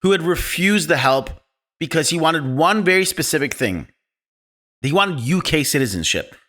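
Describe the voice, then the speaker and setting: A man's voice: on the high side, normal speed. A man hosting a podcast, chatting casually and opinionated as he retells a documentary with many restarts. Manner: opinionated, animated storytelling with restarts. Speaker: podcast host. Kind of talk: casual film discussion.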